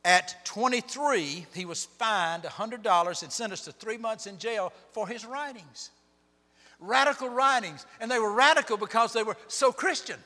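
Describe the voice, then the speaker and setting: A man preaching a sermon as pastor, telling Bible stories with sharp swings between loud and soft. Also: sits high, moderate pace, in a large hall. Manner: storytelling, dramatic shifts in loudness. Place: church sanctuary.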